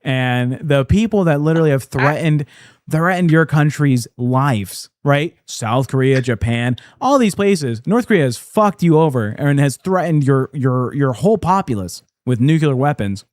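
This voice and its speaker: A man's voice: mid-range voice, expressive, normal speed, darkish tone, no echo, studio quality. A man co-hosting a casual podcast, blunt, sarcastic and profane. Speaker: podcast co-host. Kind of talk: casual political chat.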